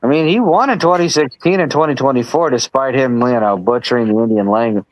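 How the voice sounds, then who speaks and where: A man's voice: medium pitch, brisk, no echo, low-quality recording. A man hosting a casual political chat on a live stream, rambling with lots of restarts and asides. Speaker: host.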